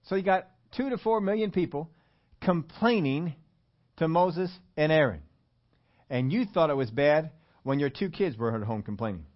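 A man's voice: a little high, lively intonation, normal speed, muffled recording. Man preaching a conversational sermon. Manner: conversational preaching, questions to the congregation. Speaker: pastor.

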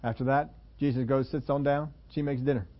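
A male pastor delivers a sermon in an easygoing, conversational style. He acts out the voices of the people in his stories. His voice sits at a middle pitch, and the recording sounds a little dull and lo-fi. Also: fairly even intonation, fairly quick.

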